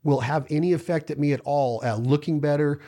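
A man's voice: on the high side, brisk, warm tone. A man talking in a rambling casual chat, telling stories and acting out what people say to him. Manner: rambling, storytelling, acts out quoted voices. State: hungry while fasting.

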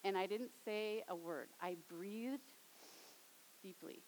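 A young adult woman preaching a sermon, dropping to a soft, hushed tone for storytelling and rising to emphatic appeals. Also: mid-range voice, slow pace, slight background noise, low-quality recording.

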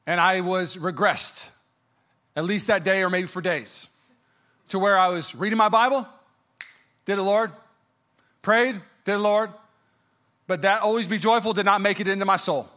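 A pastor in his thirties delivers a sermon full of personal stories, speaking in a high, bright, energetic voice at a moderate pace with long pauses. He's animated and jokey with the congregation, acting out quotes in exaggerated, high-pitched voices.

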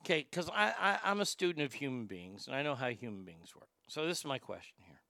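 A man's voice: medium pitch, sing-song, quick pace, gravelly, bright, forceful tone, no echo, clean studio sound. A man hosting a comedy podcast, rambling and joking crudely, often stammering and repeating words. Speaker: podcast host.

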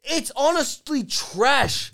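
A man's voice: very high voice, animated, slow pace, vocal fry, bright, forceful tone. Sarcastic, swearing young Australian man. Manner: swears constantly, mocking, sarcastic. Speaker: podcast co-host. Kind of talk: crude banter.

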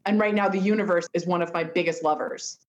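A woman's voice: on the low side, fairly even intonation, quick pace. A woman telling a personal story in an earnest, heartfelt way, with many fillers. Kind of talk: reflective storytelling. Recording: dull lo-fi sound.

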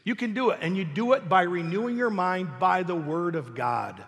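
High-voiced preacher in a reverberant hall. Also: male voice, moderate pace. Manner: animated preaching, swings between loud emphasis and soft asides. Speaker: pastor. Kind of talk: sermon. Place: church sanctuary.

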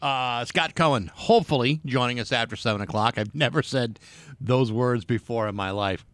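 A man's voice: mid-range voice, normal speed, a bit bright, no echo. A man hosting a morning radio show, bantering with a dry, teasing manner. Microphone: studio microphone.

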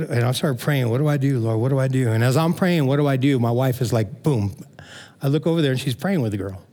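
A middle-aged man preaching a sermon as pastor, telling stories in a lively, conversational way and checking in with the congregation. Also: fairly high pitch. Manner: animated storytelling, frequent "man" and "amen?" asides.

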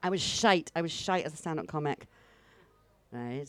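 A woman's voice: low voice, animated, moderate pace, a bit bright. A woman in her fifties, a stand-up comedian chatting on stage in a put-on mock Russian accent, bawdy and self-mocking, laughing through her lines. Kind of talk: comic chat interview on stage.

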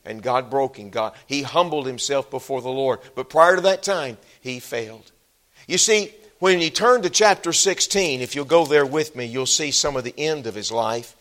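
Man preaching with loud emphatic swells. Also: normal speed. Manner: rises to loud emphatic peaks, then drops low and quiet. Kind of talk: sermon. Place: church sanctuary.

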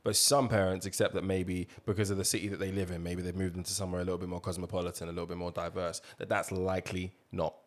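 A man's voice: sits low, flat delivery, quick pace, few pauses. A man in casual podcast chat, reflective and jokey.

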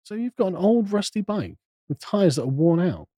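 Lively, mocking man. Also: sits high, normal speed, dry recording, studio quality. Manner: lively, mocking interjections and rhetorical questions. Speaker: podcast co-host. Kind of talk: casual political podcast chat.

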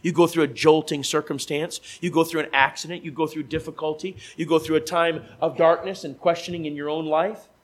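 A man preaching as a traveling evangelist, emphatic and given to repeating key phrases, moving between loud pleading questions and quiet conversational asides. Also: on the high side, steady tone, a little fast, few pauses, rough recording. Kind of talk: sermon.

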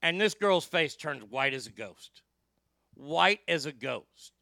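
A man hosting a talk show, telling a profane story loudly and emphatically. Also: on the high side, animated, slow pace, creaky, no echo, clean studio sound. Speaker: radio show host.

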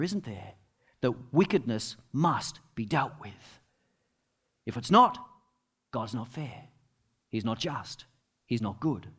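Animated, high-voiced male preacher. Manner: storytelling, with dramatic drops to quiet asides. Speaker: pastor. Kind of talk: sermon.

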